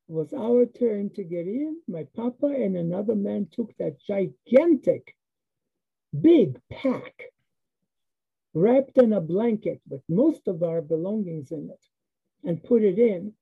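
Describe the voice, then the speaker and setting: Older woman, personal storytelling, slow delivery, raspy voice, tinny phone-like sound. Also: medium pitch, lively intonation. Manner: slow, vivid telling with quoted dialogue.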